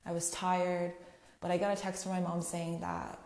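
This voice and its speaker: A young woman hosts a solo podcast in a chatty, candid, freely swearing way. Her voice sits a bit low and has a gravelly fry. The recording has a noticeable roomy echo. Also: big pitch swings, normal speed, a little mellow. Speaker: podcast host. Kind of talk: casual solo podcast monologue. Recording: echoey room.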